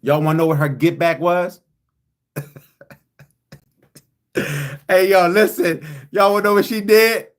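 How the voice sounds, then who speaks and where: A man with a somewhat high voice hosts a podcast, telling a story in a driven, emphatic way. He keeps pulling listeners back with "listen to me" and "right?", and puts on the other people's voices with sharp pitch jumps. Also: fairly even intonation, unhurried, long pauses. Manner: acts out quoted voices with big pitch jumps. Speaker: podcast host.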